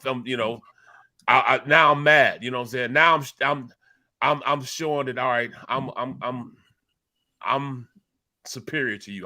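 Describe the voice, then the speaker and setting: Man, Philadelphia accent, middle pitch, casual sports talk, animated storyteller. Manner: animated storyteller, repeats words when worked up. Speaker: sports show co-host.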